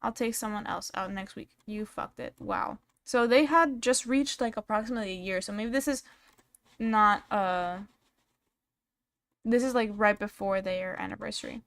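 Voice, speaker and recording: A woman's voice: mid-range voice, normal speed, creaky, fairly bright tone. A woman commenting casually on a stream, reading messages aloud and reacting bluntly, with frequent swearing.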